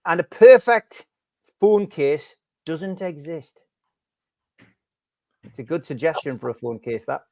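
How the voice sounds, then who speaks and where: Bloke hosting a footy podcast, cheeky jokey chat, muffled lo-fi mic. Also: male voice, a little high, expressive, takes it slowly, pauses often, a little mellow, no echo. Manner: cheeky, chatty, laughs at own jokes. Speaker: podcast host. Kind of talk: casual chat reading out jokes.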